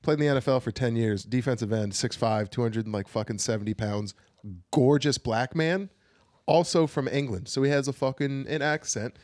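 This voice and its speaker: A man's voice: medium pitch, normal speed, no room sound. Casting: young male podcast co-host, rambling profane storyteller, dry close sound. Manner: rambling, profane, animated storytelling with put-on whiny voices. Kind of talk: casual chat.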